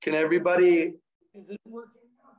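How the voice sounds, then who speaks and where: A man's voice: high voice, brisk, a little mellow. A man leading young children through a story activity in an online class, playful and singsong, coaxing them into call-and-response. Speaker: early childhood educator presenting an online class. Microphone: video call. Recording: echoey, distant, dull video-call audio.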